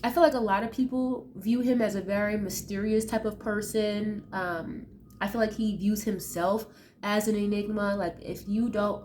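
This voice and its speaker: A woman's voice: mid-range voice, fairly even intonation, moderate pace, darkish tone, a little hiss or hum. A woman reading tarot in a casual chat, talking loosely with many fillers, her voice nasal from allergies. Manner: chatty, loose, full of fillers and asides. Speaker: tarot reader.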